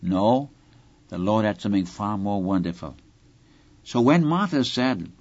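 A man's voice: fairly low pitch, expressive, normal speed, no room sound, highs cut off. A man preaching an expository sermon, reading scripture aloud and speaking earnestly and directly to his listeners. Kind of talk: Bible-teaching sermon.

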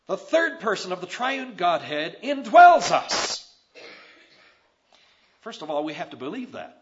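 A man's voice: high voice, very animated, measured pace, pauses often, a little hiss or hum. A man preaching a sermon with emphatic, rising stresses, on a dull lo-fi recording.

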